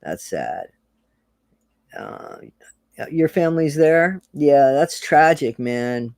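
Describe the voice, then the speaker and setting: A man's voice: on the high side, slow, darkish tone, no room sound. Earnest, emotional man chatting live. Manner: earnest and emotional, swears casually, greets chatters by name. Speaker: live-stream host. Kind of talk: casual live-stream chat, reading out viewer comments.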